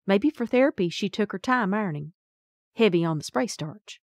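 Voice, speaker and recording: A woman's voice: medium pitch, expressive, moderate pace, no echo. A woman narrating a first-person audiobook in a wry, folksy storytelling manner.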